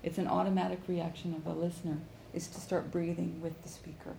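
Low gravelly woman coaching a class. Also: little pitch movement, a little fast, mellow. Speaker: English conversation teacher. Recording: echoey room with faint background noise.

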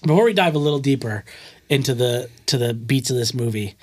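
A man's voice: mid-range voice, expressive, fairly quick, husky. A young man hosting a casual movie-review podcast, joking and swearing with lots of fillers. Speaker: podcast host.

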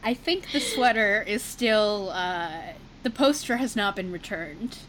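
A woman's voice: medium pitch, lively intonation, measured pace, a bit bright, a little hiss or hum, poor audio. A woman co-hosting a comedy podcast, reading a story aloud, spelling out misspelled words and breaking into laughter. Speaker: co-host reading fan fiction aloud.

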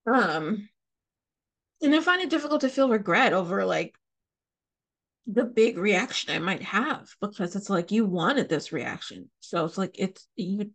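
A woman's voice: medium pitch, animated, unhurried, a bit bright. A young adult woman hosting a podcast, ranting casually and profanely, laughing often. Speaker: podcast host.

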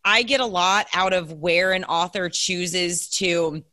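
A woman from Louisiana co-hosting a book podcast, talking in an animated, rambling way. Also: on the low side, slow pace, no room sound. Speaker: podcast co-host, educator. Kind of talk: casual book chat.

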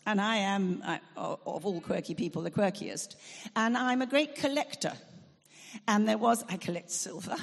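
A woman preacher giving a lively, humorous sermon at an outdoor festival, building to loud emphatic proclamation. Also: mid-range voice, in a large hall.

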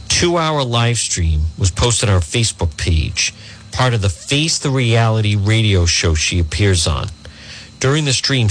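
Indignant male talk radio host, husky. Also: deep voice. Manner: indignant, reads news aloud with asides. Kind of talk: talk radio news commentary.

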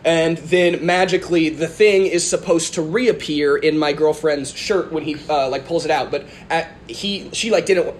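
A man's voice: fairly high pitch, normal speed, hardly any pauses, a little hiss or hum. A man telling a funny story in casual chat, rambling with lots of fillers and frequent laughs.

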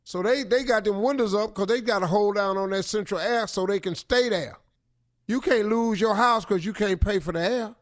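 A man giving comic advice on a radio show, acting out loud neighbors in playful shouted bits. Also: high-pitched, moderate pace. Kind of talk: comedic advice talk.

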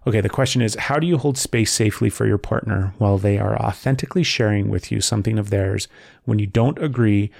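A man in his forties co-hosts a podcast in casual chat, blunt and joking, swearing freely. His fairly low voice is very gravelly. The sound is dry and close. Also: fast talker, darkish tone, no room sound. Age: 40s. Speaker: podcast co-host.

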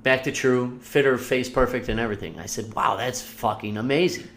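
A man's voice: mid-range voice, fairly quick, slight background noise. A man co-hosting a podcast, telling stories casually with lots of swearing and acted-out quotes. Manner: animated, profane storyteller who acts out quotes. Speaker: podcast co-host. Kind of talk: casual storytelling chat.

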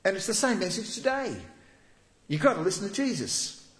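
A man preaching a sermon as a pastor, telling the story vividly and dropping to soft, hushed tones. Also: high-pitched, animated, fairly quick, echoey room.

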